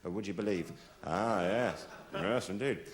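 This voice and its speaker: A man's voice: lowish voice, a little slow. A man compering a comedy night, introducing acts with chatty, jokey asides. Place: comedy club stage. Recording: echoey club with loud crowd and noise.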